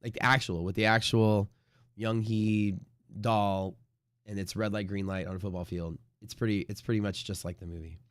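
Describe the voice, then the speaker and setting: Low-pitched guy rambling on a trading stream, swears a lot, dry close mic. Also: fairly even intonation, moderate pace, no echo. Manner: rambling and profane, acts out frantic traders in loud bursts. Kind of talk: casual live-stream commentary.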